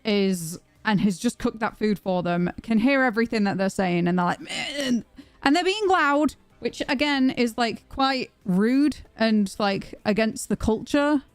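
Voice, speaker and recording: A young British woman streaming, telling a story to her chat in a chatty, animated way with plenty of restarts. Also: a little high, a little slow, few pauses, clean tone, dry recording, soft background music. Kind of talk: casual storytelling to a live chat.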